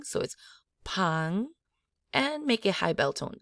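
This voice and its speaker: A woman's voice: low voice, no room sound. Woman teaching pronunciation, dry sound. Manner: demonstrates sounds slowly, repeating syllables. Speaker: language teacher. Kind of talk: pronunciation lesson.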